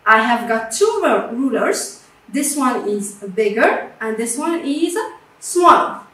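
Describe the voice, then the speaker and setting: A woman teaching a grammar lesson in English, slow and patient, repeating words and checking with her students. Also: on the high side, big pitch swings, sharp tone. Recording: echoey room from a distance.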